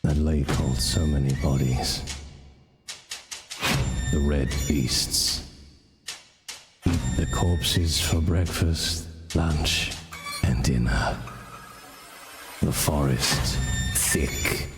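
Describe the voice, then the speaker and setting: A man's voice: a bass voice, over music, pitched below the performer's own voice, exaggerated voice. A man putting on an ominous horror narrator. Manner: slow, ominous, drawn-out. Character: sinister male horror-trailer narrator.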